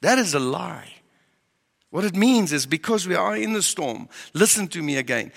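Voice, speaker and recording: A man's voice: high-pitched, animated, moderate pace, gravelly, fairly bright tone, in a large hall. A man preaching a sermon as pastor, driving his points with emphatic rhetorical questions.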